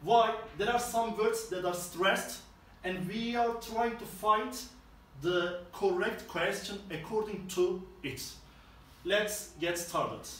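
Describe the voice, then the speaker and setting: Slow-speaking male teacher in an echoey room. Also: sits high, fairly bright tone, far from the mic, slight background noise. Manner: slow, explains step by step. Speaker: English teacher. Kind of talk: classroom lesson explanation.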